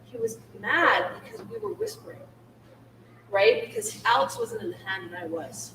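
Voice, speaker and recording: A woman's voice: very high-pitched, huge pitch swings, normal speed, vocal fry, a bit bright. A woman co-hosting a podcast, telling a casino story casually and often adding "right?". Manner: chatty, tags lines with "right?". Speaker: casino dealer, podcast co-host. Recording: echoey room, distant mic, background noise.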